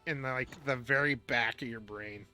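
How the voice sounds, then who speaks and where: Bright-voiced male game master. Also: mid-range voice, normal speed, faint music behind. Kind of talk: narrating a tabletop game.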